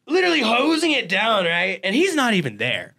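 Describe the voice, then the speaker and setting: A man telling a wild story in casual chat, profane and animated, swearing freely. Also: very high voice, gravelly. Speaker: podcast guest.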